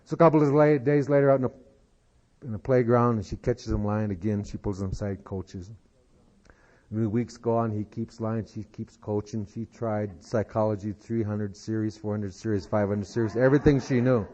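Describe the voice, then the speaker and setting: A man telling a long folksy joke as a speaker at a recovery meeting, unhurried and full of "he said". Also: fairly low pitch, fairly even intonation, warm tone. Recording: dull lo-fi 1990s tape.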